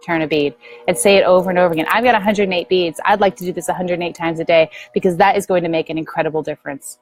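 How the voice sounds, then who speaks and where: A middle-aged woman speaking earnestly to viewers as a spiritual teacher, gently guiding them through a prayer practice. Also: lowish voice, fairly even intonation, rapid-fire, soft background music, poor audio. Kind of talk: earnest spiritual talk to camera.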